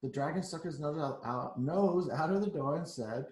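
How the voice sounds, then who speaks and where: A man reading a picture book aloud to children, pausing for chatty asides. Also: fairly high pitch, a little mellow, roomy sound. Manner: chatty, adds asides to the kids.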